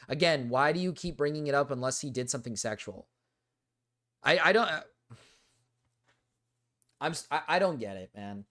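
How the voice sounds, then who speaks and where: A man's voice: a little high, lively intonation, normal speed, pauses often. Male streamer, casual reaction commentary, reads text aloud, incredulous asides. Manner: reads quotes aloud, interrupts with incredulous remarks, bursts of loud laughter.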